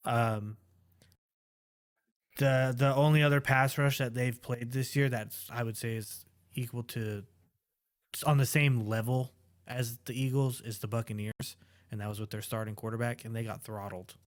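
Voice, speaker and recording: A man's voice: medium pitch, steady tone, normal speed. A man talking fantasy football on a casual podcast, sure of his takes. He often trails off into fillers and restarts his sentences, in an ordinary mid-range voice. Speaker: podcast co-host. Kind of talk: casual sports chat.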